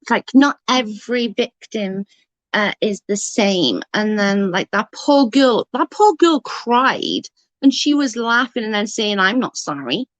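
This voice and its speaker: A woman's voice: on the high side, a little slow, no echo, dull audio. A woman ranting in outrage on a live stream, answering chat as she goes.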